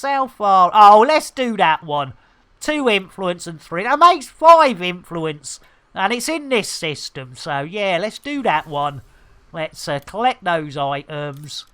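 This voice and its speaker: A middle-aged British man chatting casually and cheekily while live-streaming a space game, full of jokes and sudden excited exclamations. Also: high voice, slow pace, smooth. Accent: British English.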